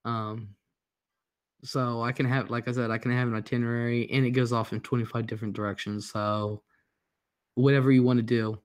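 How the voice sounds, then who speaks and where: A man's voice: mid-range voice, flat delivery, fairly quick, smooth. Male livestream host, casual and rambling, reads out viewer comments. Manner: reads out viewer comments, greets chatters by name; laid-back, profane, rambling. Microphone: headphones and computer mic.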